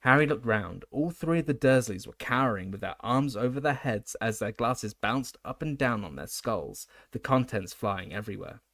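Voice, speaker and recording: A man's voice: mid-range voice, expressive, normal speed, few pauses, a bit bright, no room sound. A man narrating an audiobook, recorded dry and close with no room sound. He reads steadily, with occasional stumbles that he corrects. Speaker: audiobook reader.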